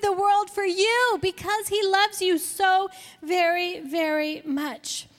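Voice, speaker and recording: A woman teaching a sermon to women, slow and emphatic, with playful acted-out examples. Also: very high voice, fairly bright tone, in a large hall.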